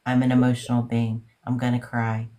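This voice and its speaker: A woman's voice: very deep voice, completely flat delivery, brisk, mellow. A grandmother talking candidly and emotionally in a casual chat, rambling with frequent restarts. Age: older. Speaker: podcast guest.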